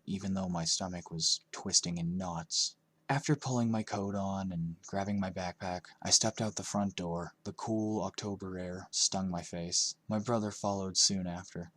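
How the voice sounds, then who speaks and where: Low, husky man narrating horror. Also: a bit bright. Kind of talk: scripted horror story narration.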